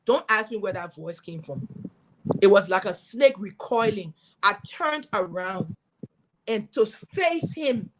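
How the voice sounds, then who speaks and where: A middle-aged woman from Liberia speaking, a guest in an interview telling her story as a former senator with lively, preaching energy. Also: mid-range voice, takes it slowly, background noise. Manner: animated, preaching storytelling with acted quotes.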